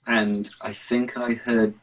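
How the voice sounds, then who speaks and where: Guest, male actor, very low voice, lively storyteller who taps out rhythms. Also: takes it slowly, rough recording. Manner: animated storyteller, chants rhythms aloud. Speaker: actor and author, interview guest. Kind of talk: relaxed explanatory interview talk.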